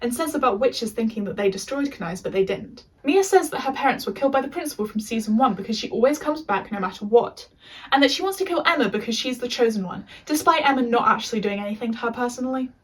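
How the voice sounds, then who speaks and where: A woman's voice: fairly high pitch, expressive, fast talker, husky, far from the mic, low-quality recording. A young English woman recapping a TV show in a casual, chatty rant with sarcastic asides. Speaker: video essayist.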